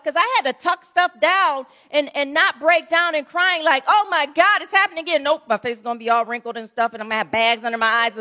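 A woman's voice: high-pitched, bright, forceful tone. A middle-aged woman pastor giving a sermon in a conversational, storytelling way, often checking in with her listeners. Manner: conversational storytelling preaching, frequent "right?" asides.

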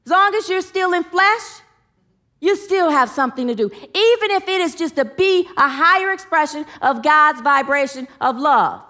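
A spiritual teacher, a woman, gives a sermon earnestly, leading her listeners in affirmations and telling stories with animation. Her voice is high and a bit bright.

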